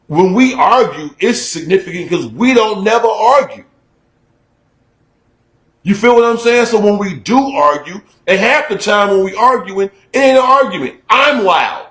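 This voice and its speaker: A middle-aged man giving a candid, profane talk-show monologue, emphatic and conversational, getting loud when he is worked up. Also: high-pitched, lively intonation, normal speed, roomy sound, rough recording. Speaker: radio talk show host.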